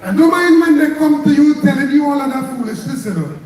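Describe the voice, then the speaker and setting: Fiery Trinidadian union leader at a rally. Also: male voice, very high-pitched, lively intonation, a little fast, a little mellow. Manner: fiery, rhetorical, repeating slogans. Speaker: trade union president. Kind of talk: May Day rally speech. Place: outdoor street rally. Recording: echoey PA from far off with crowd.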